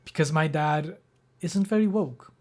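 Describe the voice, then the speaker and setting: A young man streams live in a slightly slow, somewhat mellow, highish voice. Emotional and on the verge of tears, he tells a personal story that wanders, full of fillers and restarts.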